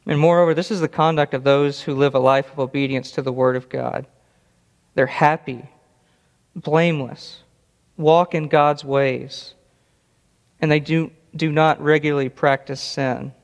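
A man's voice: on the high side, fairly even intonation, measured pace. A man preaching an expository sermon, earnest and emphatic, often repeating words for stress. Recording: long reverb of a large hall.

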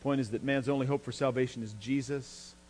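A man preaching a sermon as a pastor, emphatic, his voice climbing in pitch and force when he drives a point home. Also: fairly even intonation, brisk, a little mellow. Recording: long hall reverb with mains hum.

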